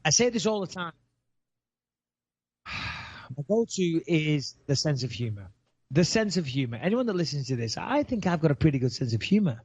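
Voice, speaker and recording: Brash profane podcast host. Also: male voice, fairly high pitch, very animated, normal speed, darkish tone, breathy edge, dull audio. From England. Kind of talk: casual chat.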